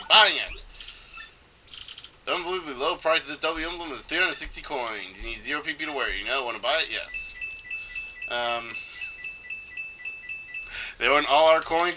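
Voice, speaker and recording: A man's voice: mid-range voice, pushed and bright, slight background noise, rough recording. A man casually narrating gameplay in a rambling, chatty way, often stopping to correct himself. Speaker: let's play commentator.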